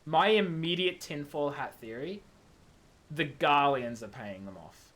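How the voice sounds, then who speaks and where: Rambling streamer man, animated pitch. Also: a little slow. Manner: rambling, self-mocking, lots of "like". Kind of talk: casual gameplay chat.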